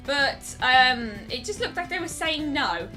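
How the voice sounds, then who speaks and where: A woman's voice: sits high, lively intonation, measured pace, sharp tone. A woman hosting a let's play, giving chatty, wry commentary that nitpicks the game, with game music behind. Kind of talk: gameplay commentary.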